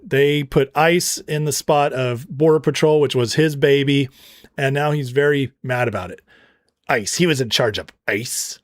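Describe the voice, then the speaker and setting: A man's voice: medium pitch, moderate pace, no echo, clean studio sound. A man hosting a political commentary show, ranting with heated scorn and slipping into storytelling asides. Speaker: show host.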